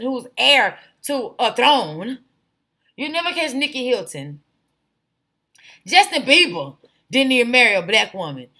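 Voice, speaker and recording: A woman hosts a casual livestream and talks straight to her chat. Her voice is bright and cutting and sits somewhat high. She speaks bluntly and wanders off on tangents. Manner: rambling, tangent-prone, blunt. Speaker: livestream host.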